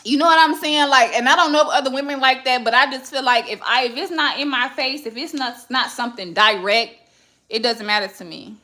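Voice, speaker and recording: A young podcast host talks in casual chat. She is blunt, profane and animated. Her voice sits a little high and sounds bright and sharp. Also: fairly quick.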